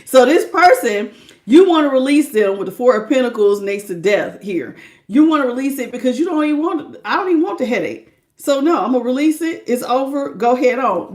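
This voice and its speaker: A woman hosting a live tarot reading who greets her chat, laughs a lot and talks in a slangy, playful way. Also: sits high. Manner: acts out imagined people's lines. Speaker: tarot reader.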